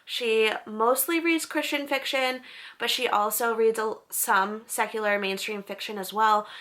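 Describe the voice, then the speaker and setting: Brief: upbeat young female vlogger, bright higher voice, casual rundown of recommendations. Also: fairly even intonation, unhurried. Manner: chatty, upbeat, unsure of name pronunciations. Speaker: book vlogger.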